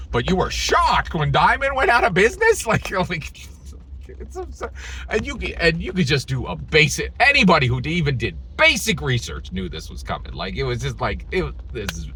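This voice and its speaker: Man, host, exasperated sarcastic rant, bright voice, a bit husky. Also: high voice. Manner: exasperated, sarcastic, laughs between lines. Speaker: channel host. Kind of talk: ranting commentary.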